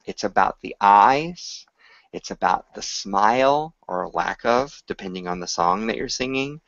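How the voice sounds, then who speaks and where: Slow-talking male voice teacher. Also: on the low side, lively intonation, gravelly, a bit bright, dry recording, lo-fi sound. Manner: explains slowly, sings short examples to demonstrate. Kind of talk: instructional talk to camera.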